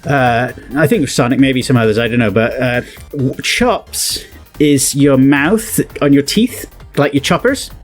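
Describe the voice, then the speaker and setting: Brief: British YouTuber, casual and rambling, explains slang with frequent chuckles and restarts, faint music underneath. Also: male voice, mid-range voice, measured pace. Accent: British English. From Britain. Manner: rambling, chuckling, self-correcting. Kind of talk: casual reaction commentary.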